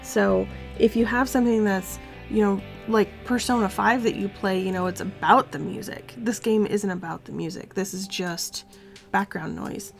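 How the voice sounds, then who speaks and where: A woman with a mid-range voice gives relaxed, teasing comments in a game review chat. Faint guitar music sits behind her. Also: medium pitch, normal speed, vocal fry. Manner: playful, laughs often, dry teasing.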